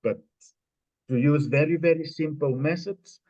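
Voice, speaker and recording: A man presenting at a conference, answering an audience question in a measured, explanatory way with many pauses. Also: a little high, darkish tone. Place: conference room. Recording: dull lo-fi recording.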